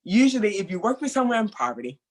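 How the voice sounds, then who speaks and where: Animated mentor trainer. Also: mid-range voice, fast talker. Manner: animated, acts out remembered quotes loudly; conversational, laughs between points. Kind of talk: training session talk.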